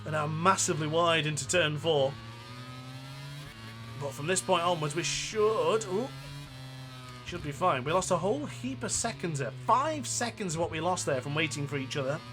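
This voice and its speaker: A man with a northern English accent giving chatty, excitable gameplay commentary while racing, laughing often. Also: fairly high pitch, moderate pace, music in the background.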